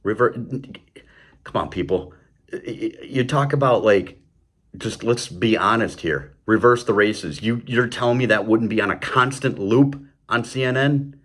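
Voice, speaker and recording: A man's voice: on the low side, a little slow, fairly bright tone. A man hosting his own show, delivering an impassioned political commentary monologue, heated and stumbling over repeated words, with mocking sarcastic asides. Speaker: show host.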